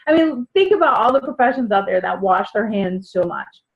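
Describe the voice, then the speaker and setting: A woman's voice: mid-range voice, lively intonation, brisk, vocal fry. A woman giving casual sales training, chatty, acting out what customers say. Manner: chatty, acts out customer dialogues. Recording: dull lo-fi sound.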